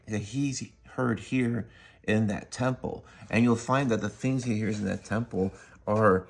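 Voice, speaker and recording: A man's voice: lowish voice, creaky, husky. A man casually retelling a comic book story in a rambling way, full of fillers. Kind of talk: casual spoken review.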